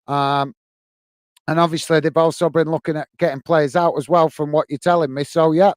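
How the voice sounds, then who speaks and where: This football channel host from the UK speaks a little fast in a fairly high, flat voice as he reads live stream comments and casually thanks viewers. The tone is clean with no echo.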